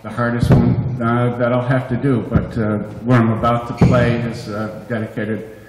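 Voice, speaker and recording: A man in his sixties, a radio DJ, giving a halting tribute to his father, with many fillers and held-back emotion. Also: mid-range voice, little pitch movement, darkish tone. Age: 60s. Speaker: radio DJ speaking at a memorial. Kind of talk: funeral tribute speech. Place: memorial service in a large hall. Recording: echoey hall, faint noise.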